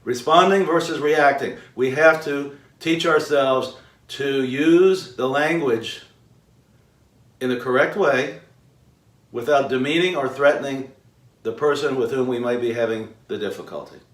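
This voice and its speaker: Male self-help host, emphatic lecturer, roomy distant sound. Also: medium pitch. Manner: emphatic, rhetorical questions, drawn-out pauses. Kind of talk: motivational lecture to camera. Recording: roomy echo, mic far off.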